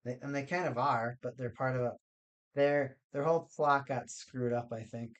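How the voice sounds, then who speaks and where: A man's voice: medium pitch, fairly even intonation, moderate pace. A man chatting casually on a live stream while building card game decks, rambling and joking with his chat.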